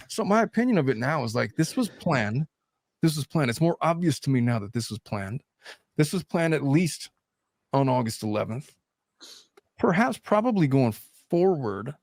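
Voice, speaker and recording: A man in his thirties talks in a blunt, animated way, cursing casually as he hosts a podcast chat. His voice sits mid-range and is recorded close and dry, with no room sound around it. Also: medium pitch, normal speed, no room sound. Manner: blunt and animated, swears freely. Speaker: lawyer and channel host.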